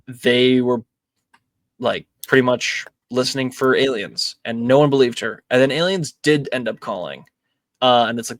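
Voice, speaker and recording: A young man reviewing films in a laid-back podcast chat, sprinkling in ums and likes as he goes. His voice sits at a middle pitch and sounds dry and close, with no room around it. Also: no room sound. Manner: relaxed, filler-heavy, many ums and likes. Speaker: podcast host. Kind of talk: casual movie review chat.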